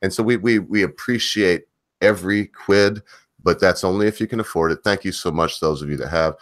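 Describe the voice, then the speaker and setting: A man's voice: deep voice, brisk, dry recording, clean studio sound. A man co-hosting a casual livestream chat, rambling with many fillers and restarts. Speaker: livestream co-host.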